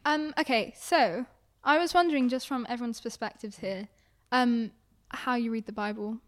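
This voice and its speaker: A woman hosting a casual podcast chat, quick with jokes and asides and giggling often. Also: a little high, no echo. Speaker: podcast host.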